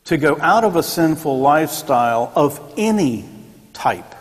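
A man's voice: fairly high pitch, expressive, unhurried. A man teaching a church Sunday school class in a conversational way, with joking asides and acted-out quotes. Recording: long echoey church room.

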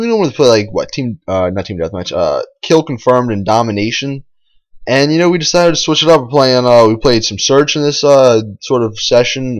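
A man narrates his own gameplay in a casual voice-over. His voice sits at an ordinary middle pitch. He rambles, brags about his moves, swears freely and keeps restarting his sentences. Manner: rambling, boastful and profane, with many fillers and restarts. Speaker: gameplay commentator. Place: voice-over recorded over game footage.

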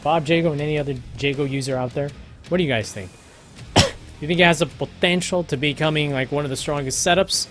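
Guy streaming a fighting game, kinda high voice, mutters to chat then gets loud, music going behind. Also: fast. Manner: muttering to himself while testing moves, bursts of loud excitement. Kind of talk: casual live stream commentary.

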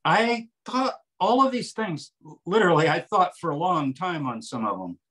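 The voice belongs to an older man, high-pitched and moderately paced. He is an author and translator being interviewed conversationally about his work, explaining it eagerly with examples and passages he reads aloud.

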